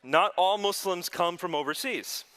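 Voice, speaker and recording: Young American male speaker, earnest and lightly funny, with a forceful tone that echoes through a large hall. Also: high voice, a little slow. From United States. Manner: earnest, gently humorous storyteller. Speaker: Christian speaker giving testimony. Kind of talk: public testimony talk with prayer. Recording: long hall reverb.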